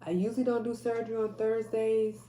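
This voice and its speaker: A woman's voice: a little high, flat delivery, a little fast, mellow, reverberant. A woman telling a personal faith testimony in a casual, emphatic way, repeating phrases and restarting often. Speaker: mother sharing a faith testimony.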